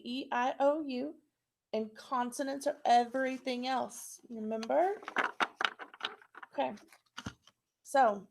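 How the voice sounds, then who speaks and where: Lady teacher, kinda high voice, slow and patient, spelling out little words for kids. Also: darkish tone, a little hiss or hum. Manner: slow, patient, spelling out letters and clapping syllables. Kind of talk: recorded phonics lesson for young children.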